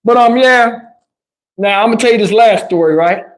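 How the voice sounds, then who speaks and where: A man hosting a livestream, telling a story in an animated, profane, casual way and laughing along. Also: sits high, moderate pace. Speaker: channel host.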